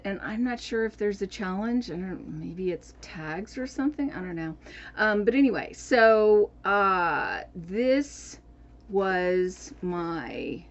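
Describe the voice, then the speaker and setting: Slow, chatty woman vlogger, dull audio. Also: lowish voice, slight background noise. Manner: chatty, rambling with many fillers and restarts. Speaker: book and journaling vlogger. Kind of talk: casual chat.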